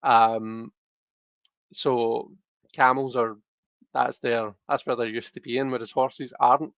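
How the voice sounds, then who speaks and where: A man's voice: medium pitch, level tone, takes it slowly, a bit bright, no room sound. A man hosting a casual tarot livestream, rambling and chatty with lots of restarts and fillers, talking straight to his viewers. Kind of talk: casual chat to live viewers.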